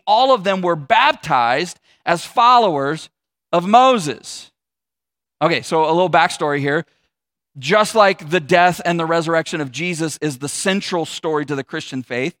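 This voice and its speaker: A man preaching a sermon as a pastor, building through repeated phrases and then dropping soft and low. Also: dry recording.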